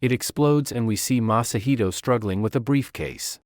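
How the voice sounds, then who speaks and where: A man narrating an anime recap in a steady, scripted storytelling delivery. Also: medium pitch, normal speed, no echo, clean studio sound.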